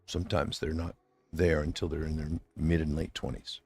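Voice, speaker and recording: Gravelly, husky middle-aged man streaming. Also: very deep voice, flat delivery, moderate pace, a little mellow, faint music behind. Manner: rambling, heartfelt, addresses his absent wife directly. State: near tears. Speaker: livestream host. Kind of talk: unscripted emotional monologue.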